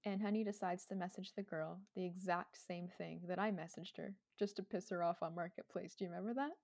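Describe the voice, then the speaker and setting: A woman's voice: fairly low pitch, steady tone, fairly quick, gravelly, darkish tone. A young woman co-hosting a podcast, telling stories in casual, emphatic chat. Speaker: podcast co-host.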